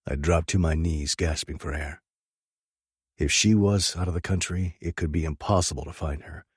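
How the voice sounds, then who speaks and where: Deep husky male audiobook narrator. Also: fairly even intonation, moderate pace, dry recording, clean studio sound. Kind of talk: first-person audiobook narration.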